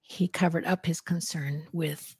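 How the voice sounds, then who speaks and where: A woman co-hosting a podcast, reading a novel chapter aloud and then discussing it in a measured, thoughtful way. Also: low voice, steady tone, darkish tone, breathy edge, no room sound, studio quality. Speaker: podcast co-host and reader.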